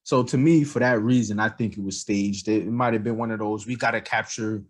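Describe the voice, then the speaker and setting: Brief: husky man with a lowish voice, podcast co-host, loose and animated. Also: fairly quick. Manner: rambling, animated, lots of fillers. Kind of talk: casual political chat.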